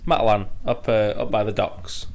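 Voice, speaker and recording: A man's voice: fairly low pitch, little pitch movement, normal speed, a little mellow, slight background noise. A young British man co-hosting a podcast, telling stories in a laid-back, jokey way during casual chat. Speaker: podcast co-host.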